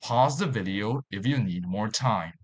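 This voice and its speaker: A man narrating a language lesson in a slow, deliberate way, repeating each example word. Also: fairly low pitch, expressive, slightly rough. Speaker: language teacher.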